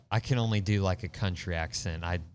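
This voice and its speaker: A man co-hosting a show in a relaxed, joking, self-deprecating way. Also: low voice, a little slow, smooth. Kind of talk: casual chat.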